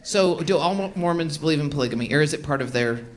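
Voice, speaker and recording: A woman stand-up comedian with a low voice, lively intonation and quick pace does brash, profane crowd work on a club stage. The sound is roomy, with a loud audience.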